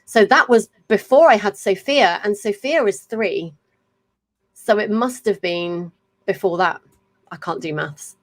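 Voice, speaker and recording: Speaking a little slowly in a mid-range voice, an English podcast host in her thirties rambles through stories in a casual live chat. She comes across as chatty, effusive, and a tumbling storyteller.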